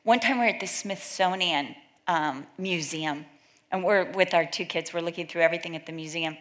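A woman's voice: on the low side, fairly quick, fairly bright tone. A middle-aged woman from California giving an informal talk to a women's Bible study, chatty and full of anecdotes where she acts out what other people said. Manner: chatty storytelling, acts out quoted voices.

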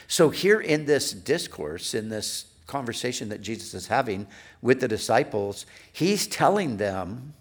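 Pastor guy preaching slow, gets loud then drops to almost a whisper. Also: mid-range voice, sing-song, husky. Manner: slow, dynamic preaching, swinging from loud to hushed. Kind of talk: sermon.

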